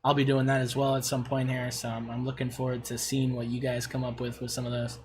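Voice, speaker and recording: A man's voice: medium pitch, completely flat delivery, quick pace, a little hiss or hum. A middle-aged man on a casual livestream, gushing and swearing as he reviews player builds.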